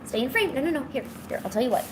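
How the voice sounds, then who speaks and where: A woman's voice: high-pitched, sing-song, rapid-fire, noisy background. Chatty woman cooing to her cat. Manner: cooing baby talk to her cat, chatty asides to viewers. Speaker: art streamer. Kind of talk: casual live-stream chat.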